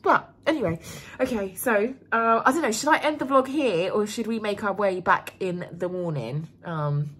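A woman's voice: mid-range voice, moderate pace, fairly bright tone, breathy edge. A young woman, rambling candidly in a casual vlog, full of fillers and swearing. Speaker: vlogger.

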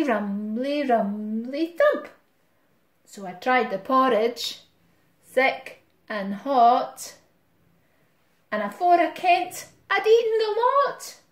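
A woman's voice: sits high, echoey room, heavily acted. A woman with a Scottish accent voicing a greedy, hungry fat male cat in a sing-song rhyming chant.

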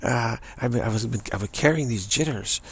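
Very husky, gravelly-voiced man musing. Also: mid-range voice. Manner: halting, repeats words and restarts often. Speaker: spiritual teacher. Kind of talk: reflective spiritual monologue.

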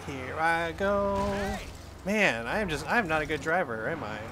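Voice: medium pitch, lively intonation, normal speed. A gameplay host hamming it up over a game, voice swooping up and down as they play out a silly farmer bit with mock drama. The take is noisy, with game sounds bleeding in behind the commentary. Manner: goofy, role-plays the game's farmer with mock drama. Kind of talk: playful let's-play commentary. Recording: noisy home recording.

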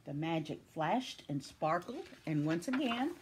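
A woman from Tennessee reading a children's picture book aloud with expressive storytelling. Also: lowish voice, a little slow, slight background noise.

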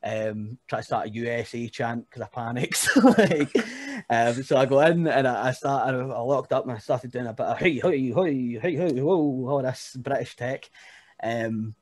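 A young man, a wrestler guest on a podcast, telling stories in a casual, animated way with frequent laughs and "you know what I mean". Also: mid-range voice, moderate pace, no echo. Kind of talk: casual storytelling chat.

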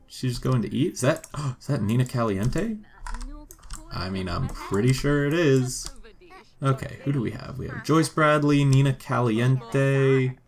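Playing a life-sim game, a man jokes casually through his let's-play commentary and chats with the game's characters. He's a gaming video host with a medium-pitched voice and a measured pace.

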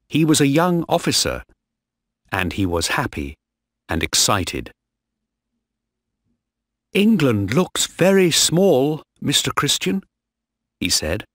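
A man reads a simple story for English learners, pausing between short, clear phrases. His voice is low and very slow, with a lively rise and fall. The sound is dry and close. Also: dry recording. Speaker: narrator.

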